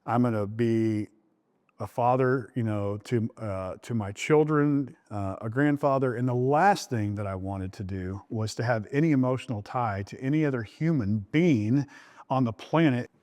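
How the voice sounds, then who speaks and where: A middle-aged man, the groom, tells the story of how he met his wife. He talks candidly and jumps up in pitch when he acts out old conversations. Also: moderate pace, a little mellow. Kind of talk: recorded interview about his relationship.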